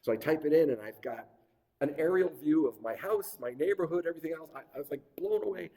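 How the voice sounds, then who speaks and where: A middle-aged man giving a relaxed, digressive workshop talk with frequent fillers and restarts. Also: fairly high pitch, fast. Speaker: workshop presenter. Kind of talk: conversational lecture. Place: lecture hall. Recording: reverberant hall.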